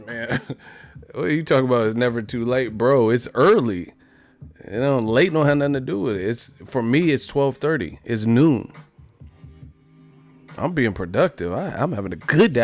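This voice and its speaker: A male live-stream host riffs on his chat in a loose, joking way. He swears freely and laughs often, and his voice sits at an ordinary middle pitch. Faint music plays behind him. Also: expressive, moderate pace. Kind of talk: casual chat.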